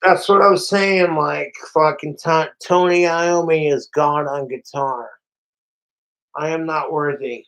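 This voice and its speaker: A man's voice: a little high, steady tone, takes it slowly, fairly bright tone, poor audio. A man livestreaming, rambling profanely and animatedly straight to his viewers in casual chat. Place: home, overnight livestream.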